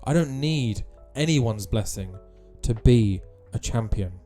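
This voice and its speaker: A man's voice: medium pitch, lively intonation, slow, dark tone, faint music behind. A man voicing a proud male wrestling champion who speaks in a defiant, intense way.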